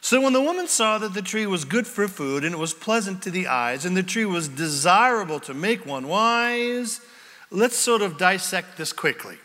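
An animated male preacher delivers a sermon in a high, bright voice, acting out voices and asking the crowd questions. His words ring out in a large hall with a long echo. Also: normal speed.

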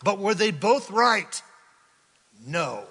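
A male pastor giving a sermon, telling a story with animated delivery and questions to the congregation. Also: sits high, slow pace, slightly rough, in a large hall. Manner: animated storytelling, acts out quotes, asks the crowd questions.

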